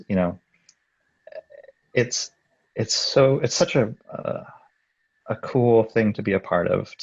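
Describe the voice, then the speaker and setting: A man who supervises animation, answering on a video call panel in a hesitant way with many pauses and fillers, over dull lo-fi call audio. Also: low voice, gravelly, husky, dry recording.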